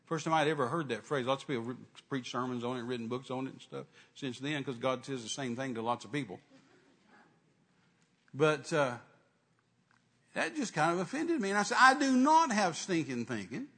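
A man's voice: medium pitch, animated, a little fast, pauses often, fairly bright tone. A man preaching a sermon, retelling a conversation and acting out the dialogue. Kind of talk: sermon storytelling.

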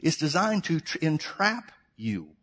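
A man's voice: a little high, sing-song, a little slow, fairly bright tone, slightly rough. A middle-aged man preaching a sermon, reading scripture and asking the congregation rhetorical questions in a plain, conversational way.

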